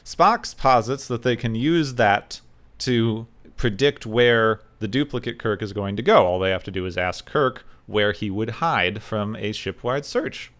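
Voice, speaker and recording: A man hosting a podcast in casual chat, recapping an episode in a wry, steady way. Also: lowish voice, unhurried. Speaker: podcast host.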